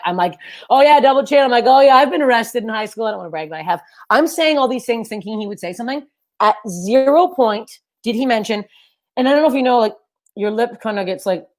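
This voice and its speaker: A young woman with a low, deep voice, performing a loud, energetic, self-deprecating stand-up set over a webcam. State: sweaty and overheated. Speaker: stand-up comedian. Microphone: webcam for a virtual show.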